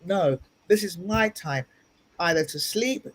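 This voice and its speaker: A woman's voice: lowish voice, lively intonation, measured pace, breathy edge. A woman guest speaker giving earnest motivational advice in an interview, repeating points for emphasis, recorded over a video call. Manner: earnest, advising, repetitive for emphasis. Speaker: guest speaker and ministry leader.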